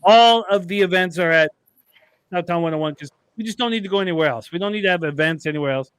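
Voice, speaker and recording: Guy with a high voice rambling thru a story, swears a lot, dry close sound. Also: fast, a bit bright, clear, resonant tone, no room sound. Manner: rambling, profane, laughs while telling stories. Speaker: podcast co-host. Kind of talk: casual storytelling chat.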